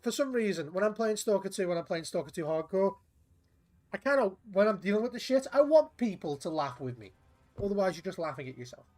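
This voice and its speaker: Bloke streaming games, rambly and sweary, slightly higher voice. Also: male voice, a little mellow. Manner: rambling, sweary, chatty with viewers. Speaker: game streamer. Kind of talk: casual live-stream chat.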